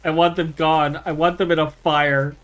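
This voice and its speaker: Gloating villain, slow theatrical delivery, man putting it on, fairly high bright voice. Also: flat delivery, faint music behind, lightly acted. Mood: mock menacing. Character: gloating cruel man relishing a friend's despair.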